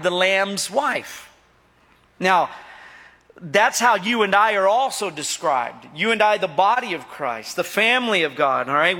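A middle-aged pastor with a high-pitched, pushed, bright voice preaches a sermon in an echoey hall. He jokes with the congregation and coaxes replies from them.

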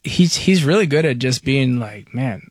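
A man's voice: medium pitch, moderate pace, husky, dry recording. Young guy in an interview clip, rambly with lots of likes, dry close sound. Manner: relaxed, filler-heavy, lots of "like". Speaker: interviewed musician. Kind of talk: casual interview answer.

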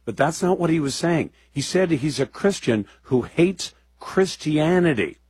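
A man's voice: fairly high pitch, expressive, a little slow, a little mellow, husky, no echo. A man hosting a political talk show, delivering emphatic, combative commentary. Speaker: talk radio host.

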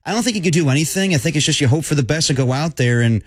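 A man co-hosting a casual sports podcast, giving animated, opinionated takes. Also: on the high side, rapid-fire, no room sound. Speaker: podcast co-host.

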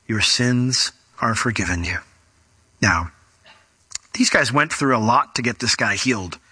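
Bright, dry-sounding male preacher. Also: mid-range voice, dry recording. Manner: conversational, acts out quoted voices. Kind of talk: sermon.

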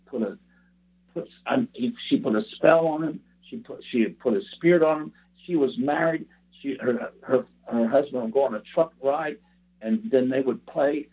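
Man, preacher, testimony sermon, husky and gravelly, earnest rambling delivery. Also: medium pitch, normal speed. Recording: tinny phone-like sound.

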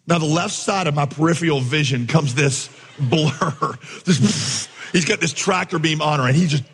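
A man preaching a sermon, telling a coaching story and acting out the voices in it with big jumps in pitch. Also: brisk, long reverb tail, a little hiss or hum. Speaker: pastor.

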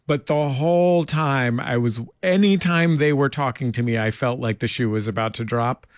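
A man hosting an interview, playful and quick to laugh as he riffs on his guest's jokes. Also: medium pitch, no echo, studio quality. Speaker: interview host. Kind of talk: casual interview chat.

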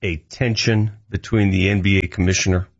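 A man on sports talk radio, measured, posing questions and theories. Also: sits low, steady tone, husky. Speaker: radio co-host. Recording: lo-fi radio broadcast.

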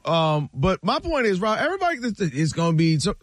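A man co-hosting a sports talk radio show, talking in animated, slangy banter and laughing as he makes his case. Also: high voice, fast, no room sound, studio quality. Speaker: radio co-host.

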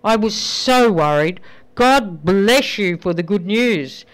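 A woman reading a frail, timid old grandmother on the phone. Her voice stays smooth and clear, and she speaks slowly, softly and hesitantly. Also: medium pitch, expressive.

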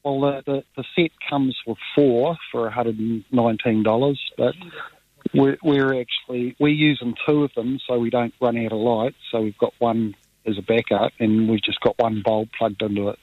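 Easygoing Kiwi caller on phone line. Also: male voice, medium pitch, steady tone, moderate pace, no echo. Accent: New Zealand. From New Zealand. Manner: easygoing, rambling, repeats words. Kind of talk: phone-in radio call.

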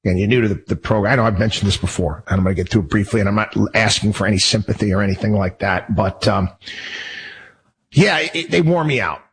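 Husky man ranting on his show. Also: lowish voice, fast, poor audio. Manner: heated, rambling, many restarts. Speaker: show host. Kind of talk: personal monologue.

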